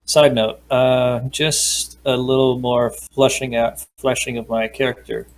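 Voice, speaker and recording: A man's voice: medium pitch, level tone, measured pace. A man playing a tabletop game, chatty and enthusiastic. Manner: chatty, enthusiastic, says dude. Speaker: player. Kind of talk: casual chat at a tabletop game.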